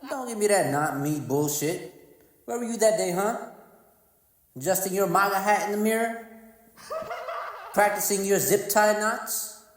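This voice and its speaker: A man's voice: high voice, unhurried, long pauses, a little hiss or hum. A man from North Carolina doing a brash, profane stand-up comedy routine, mocking people as he tells stories. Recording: echoey room with long reverb.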